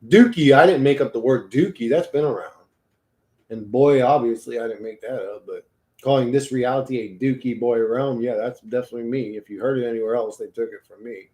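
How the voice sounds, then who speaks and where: A man hosting a casual livestream, rambling and joking with a lot of swearing, swinging between low mumbles and loud bursts. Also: brisk. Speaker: livestream host reading chat.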